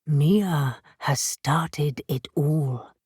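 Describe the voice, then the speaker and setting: A woman voicing a calm, cryptic male talking cat familiar who speaks in grave, terse lines. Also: deep voice, extremely slow, slightly rough, no room sound, clean studio sound, voice pushed down, exaggerated voice.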